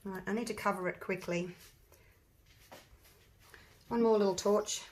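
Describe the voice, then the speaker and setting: A woman with a croaky voice, chatting casually to her viewers and thinking aloud as she works on a resin craft project. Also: medium pitch, fairly even intonation, measured pace, darkish tone, a little hiss or hum. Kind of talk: casual chat while crafting.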